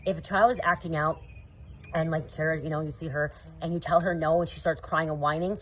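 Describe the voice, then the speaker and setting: A woman with a slightly low voice talks straight to her viewers in a loose, rambling stream of spiritual advice. She keeps asking "okay?" and filling gaps with "you know", coaching rather than lecturing. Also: steady tone, brisk, a bit bright, slight background noise. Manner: earnest, coaching tone addressing viewers. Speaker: spiritual content creator. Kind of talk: casual spiritual advice monologue.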